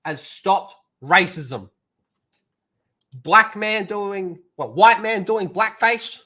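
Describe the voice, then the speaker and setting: A man hosts a live stream, reading out the chat and greeting viewers one by one. He jokes crudely and breaks into loud bursts. His voice sits a little high and sounds bright and forceful. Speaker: livestream host.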